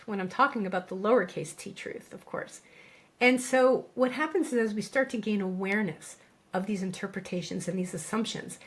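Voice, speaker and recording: A middle-aged woman speaks as a podcast co-host, calm and reassuring. She slows down to lean on key phrases, giving a steady coaching delivery at a medium pitch. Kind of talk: scripted podcast monologue.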